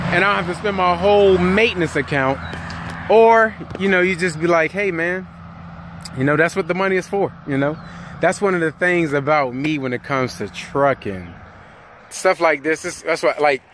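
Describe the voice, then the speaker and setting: A man's voice: on the high side, a bit bright, a little hiss or hum. A man who drives a truck, talking casually and jokingly into his phone outdoors, rambling. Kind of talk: casual vlog monologue. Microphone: phone held by hand.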